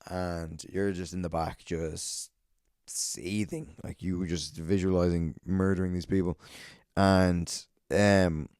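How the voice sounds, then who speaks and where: A young man with a low, smooth voice tells rambling, profane gig stories and keeps laughing at his own tales. His tone is warm and mellow, and the sound is close and dry. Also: steady tone, slow pace, no room sound. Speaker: comedian and podcast host. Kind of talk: casual storytelling monologue.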